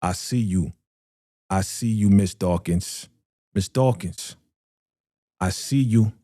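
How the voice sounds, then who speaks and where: A man with runs a live reaction stream. He talks in a mellow, warm voice and swings from loud hype to low mutters while he reads out viewer comments. The sound is close and dry. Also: slow pace, no room sound. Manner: animated, slangy, reads viewer comments aloud. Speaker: reaction show host.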